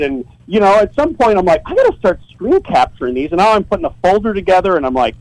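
A man with a high-pitched voice speaks quickly, hardly pausing, on a rough recording. He's a podcast guest and site owner calling in from his home office, telling a story casually and energetically, swearing often and laughing in between, all in a profane, animated way.

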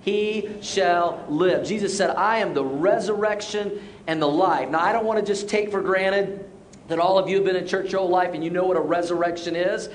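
A middle-aged man preaching a sermon, telling stories with restarts and dropping soft and low for serious points. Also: fairly even intonation, a little fast, slight background noise. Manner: storytelling, repeats words as he restarts. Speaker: pastor.

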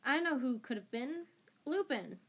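A woman's voice: sits high, expressive, a little slow, slightly rough, pitched above the performer's own voice, full character voice. A woman doing Ron, an eager teenage boy wizard. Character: excitable teenage boy wizard, quick-tempered. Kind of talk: amateur audiobook reading.

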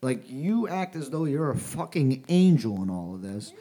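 A man's voice: medium pitch, big pitch swings, normal speed, mellow. A man co-hosting a casual podcast chat, complaining bluntly and cursing often.

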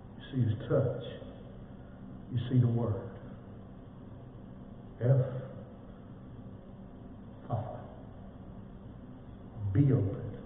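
A man's voice: mid-range voice, fairly even intonation, extremely slow, pauses often, slight background noise. Preaching man in an echoey hall. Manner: folksy storytelling, swelling then dropping to a hush. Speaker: pastor. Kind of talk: sermon. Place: church sanctuary. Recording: echoey hall from far off, tinny phone-like sound.

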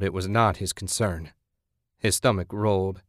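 A man narrating an audiobook in a steady, measured way. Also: sits low, dry recording, studio quality.

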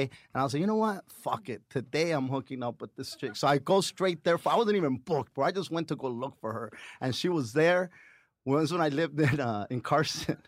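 Middle-aged male comic, slightly high voice, dry close sound, swearing through animated anecdotes. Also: no room sound. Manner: profane, animated storytelling with acted-out quotes. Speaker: comedian guest. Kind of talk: casual podcast chat.

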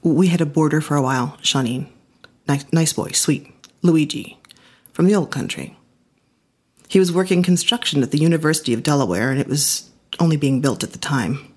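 A woman's voice: low-pitched, normal speed, breathy edge. A woman giving a reflective first-person storytelling performance with an intimate, personal delivery.

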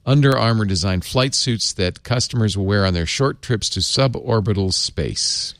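A man's voice: fairly low pitch, moderate pace, no echo, studio quality. A man hosting a casual tech panel chat, jokey and reading news items aloud. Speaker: host.

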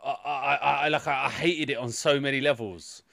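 A man's voice: medium pitch, fairly even intonation, fairly quick, vocal fry, a bit bright, dry recording, clean studio sound. Stammering man ranting about a film. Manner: rambling, stammering restarts, crude jokes. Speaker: podcast co-host. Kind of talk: casual chat.

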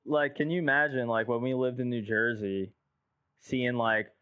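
A man's voice: medium pitch, fairly even intonation, moderate pace, clear, resonant tone, no echo. Man with a dull, dry sound. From United States. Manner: loose storytelling, heavy filler "like", swears casually. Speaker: guest producer. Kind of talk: casual podcast chat.

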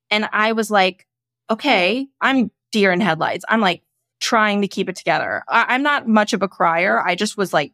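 A woman's voice: medium pitch, moderate pace, dry recording, studio quality. A young woman hosting a podcast, telling a personal story casually and acting out the voices of the people in it, with frank, casual swearing. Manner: animated, acts out quoted voices. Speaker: podcast host.

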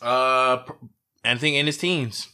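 A man's voice: mid-range voice, steady tone, unhurried, sharp tone, smooth. A young man co-hosting a podcast, chatting casually and laughing often with friends. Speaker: podcast co-host. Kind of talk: casual chat.

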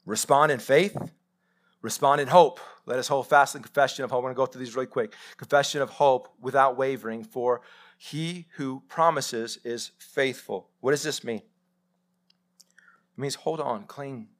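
A man's voice: medium pitch, moderate pace. A man, preaching a live sermon and telling stories directly to his congregation. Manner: animated storytelling, addresses congregation directly. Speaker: pastor. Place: church sanctuary.

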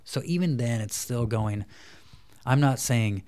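A man in his thirties, a parenting coach, chatting in an interview and softly acting out talks between parents and children. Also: medium pitch, lively intonation, measured pace. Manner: acts out parent and child dialogue in a soft voice. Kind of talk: casual interview chat.

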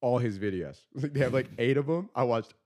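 A man hosting a podcast in casual chat, slangy and profane, laughing often and getting animated when he tells stories, on a studio microphone. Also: medium pitch, moderate pace.

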